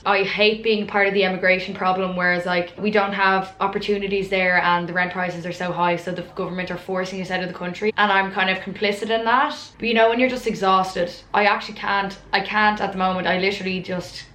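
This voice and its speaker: A woman's voice: mid-range voice, steady tone, a little fast, few pauses, a bit bright. A young Irish woman in her twenties chatting casually and frankly to camera in a Q&A vlog, poking fun at herself. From Ireland. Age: 20s. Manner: chatty, frank, self-mocking. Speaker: vlogger. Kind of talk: casual Q&A chat. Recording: roomy echo.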